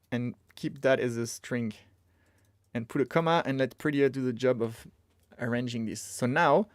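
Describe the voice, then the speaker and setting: A man with a medium-pitched voice streams himself coding, talking casually and thinking aloud. He mutters to himself as he works, and the sound is clean studio quality with no room echo.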